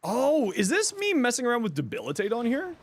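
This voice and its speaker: A man's voice: very high-pitched, wildly swooping pitch, a little fast. A man from Toronto, streaming and chatting casually with viewers in a laid-back, rambling way. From Toronto, Canada. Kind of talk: casual livestream chat answering viewers.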